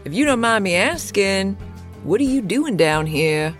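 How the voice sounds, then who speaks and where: A woman's voice: medium pitch, sing-song, unhurried, soft background music. A woman voicing a male thug henchman who speaks in a sneering, threatening way. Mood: menacing.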